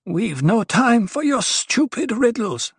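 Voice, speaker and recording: A man voicing an impatient woman in an audiobook, speaking curtly and scolding, drawn out and slow. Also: high-pitched, sing-song, dry recording, clean studio sound, pitched above the performer's own voice, exaggerated voice. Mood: sharp. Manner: curt, scolding. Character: sharp impatient woman servant.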